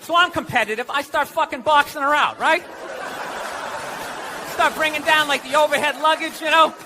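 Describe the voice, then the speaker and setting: A sarcastic American stand-up comedian ranting and swearing into a stage mic. His voice sits very high for a man. The live club recording carries a laughing crowd and a steady noise. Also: moderate pace.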